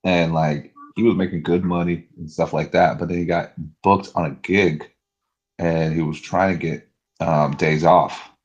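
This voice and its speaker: A man's voice: low-pitched, flat delivery, measured pace, highs cut off. A man in casual podcast chat, retelling a story loosely with lots of fillers.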